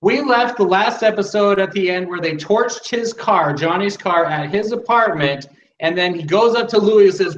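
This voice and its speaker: A man's voice: high voice, moderate pace. A man co-hosting a podcast, arguing his point about a show in a sarcastic, casual way. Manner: argumentative, sarcastic. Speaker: podcast co-host. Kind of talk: casual film discussion. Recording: echoey dull-sounding mic.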